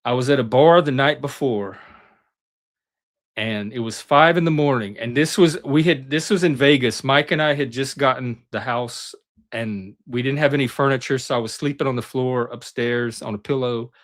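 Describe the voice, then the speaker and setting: Man telling stories in animated asides. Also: mid-range voice, moderate pace. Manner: animated, acts out quoted voices. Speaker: panelist. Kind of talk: casual storytelling.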